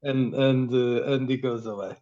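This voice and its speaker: A man running a tabletop game as game master, narrating haltingly with many restarts. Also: mid-range voice, steady tone, mellow, muffled recording.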